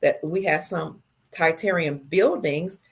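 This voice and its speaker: A middle-aged woman hosting a casual livestream, reading viewer comments aloud and answering them slowly and tenderly. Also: sits low, gravelly, husky.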